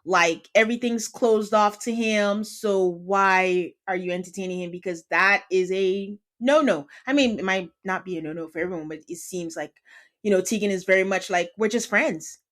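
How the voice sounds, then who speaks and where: A woman's voice: mid-range voice, moderate pace. A woman host in casual conversation, recapping episodes of a reality series. She is chatty and slips into little voices when quoting people. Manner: chatty, acts out quotes with lively voices. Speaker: podcast host.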